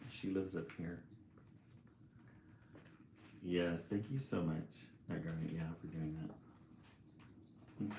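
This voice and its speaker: A man reading a picture book aloud on a livestream, chatty and quick to laugh, greeting viewers between pages. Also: fairly low pitch, darkish tone, a little hiss or hum. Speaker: storyteller and livestream host. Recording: roomy echo.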